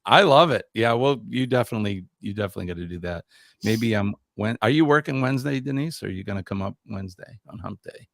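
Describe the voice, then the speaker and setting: A man's voice: on the low side, quick pace, vocal fry, no echo, studio quality. A man hosting a casual live quiz stream, reading viewer comments aloud in an upbeat way.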